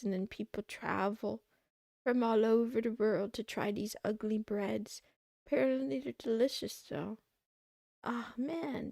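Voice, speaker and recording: A young woman chatting on a livestream, her slightly high voice full of creaky fry. She rambles as she browses, thinks out loud and trails off mid-thought. The sound is dry and close to the mic. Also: no room sound. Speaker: streamer. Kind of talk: casual livestream chat.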